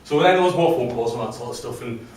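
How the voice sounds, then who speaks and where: A man with a mid-range, somewhat dark voice talks fast, telling a live audience his own story in a chatty, self-deprecating way. A slight hiss or hum is present. The distant mic picks up a very echoey room and faint ambience.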